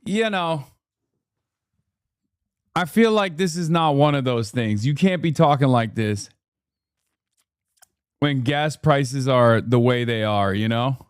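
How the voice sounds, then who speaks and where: Smooth-voiced man doing sarcastic stream commentary. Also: mid-range voice, takes it slowly, pauses often, no room sound, studio quality. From United States. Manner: sarcastic, offhand. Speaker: livestream host and political commentator. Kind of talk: casual livestream commentary.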